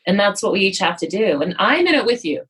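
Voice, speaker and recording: A woman's voice: mid-range voice, sing-song, fast talker, fairly bright tone, breathy edge, poor audio. A woman talking frankly and with self-deprecating humor, telling personal stories and acting out what she and others said. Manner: frank and self-deprecating, acts out her own quotes. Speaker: yoga studio guest. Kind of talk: candid conversational storytelling.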